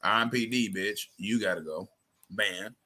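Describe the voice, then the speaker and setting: A man's voice: fairly low pitch, moderate pace, bright, forceful tone, slight background noise. A man hosting a call-in live stream, confrontational and profane, often repeating his phrases.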